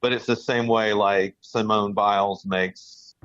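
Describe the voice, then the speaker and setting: A man's voice: on the low side, fairly even intonation, unhurried, fairly bright tone, dry recording, lo-fi sound. A man co-hosting a podcast in casual chat, rambling with restarts and fillers. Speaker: podcast co-host.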